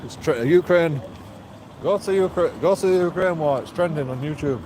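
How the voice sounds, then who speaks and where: A man films himself outdoors, his voice sitting slightly high for a man. He rambles and swears, laughing to himself between thoughts. Clear street and traffic noise runs underneath him. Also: moderate pace. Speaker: street video blogger. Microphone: handheld camera.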